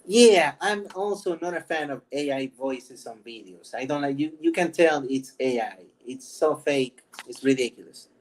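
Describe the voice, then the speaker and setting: In poor audio, a man with a fairly high voice talks at normal speed with hardly any pauses. Hosting his own vlog channel, he chats casually and rambles, laughing often and joking about himself.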